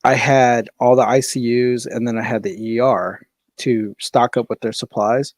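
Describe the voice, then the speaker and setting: A young man telling a story in casual podcast chat, animated, swearing freely and acting out what people said. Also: medium pitch, moderate pace, no echo. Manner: animated, swears freely, laughs often, acts out quoted voices. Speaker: podcast co-host.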